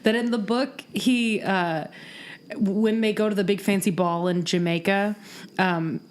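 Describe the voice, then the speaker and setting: A woman's voice: medium pitch, steady tone, unhurried. Chatty woman retelling a scene. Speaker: podcast co-host. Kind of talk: casual TV recap chat.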